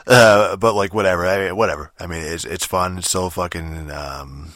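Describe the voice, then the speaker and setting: A man rambles through a casual game review in a very low voice with a forceful edge. He swears almost every line, piles on fillers and restarts, and the sound is dry and close with no room. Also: fairly even intonation, moderate pace, no echo.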